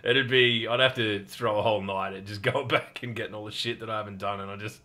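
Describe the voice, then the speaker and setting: A man with an Australian accent hosting a casual gaming podcast, laid-back and quick to laugh. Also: fairly low pitch, steady tone, sharp tone. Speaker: podcast host.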